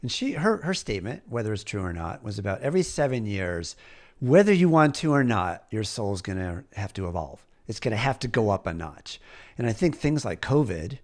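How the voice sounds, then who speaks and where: Male podcast host, lowish voice, candid and reflective, casual swearing. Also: very animated, fairly quick, darkish tone. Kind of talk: casual conversational interview.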